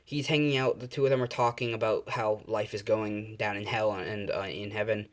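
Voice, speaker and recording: A man's voice: on the low side, fairly even intonation, moderate pace. Rambling casual male storyteller. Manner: casual and rambling, with fillers and self-corrections. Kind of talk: improvised fan-fiction storytelling.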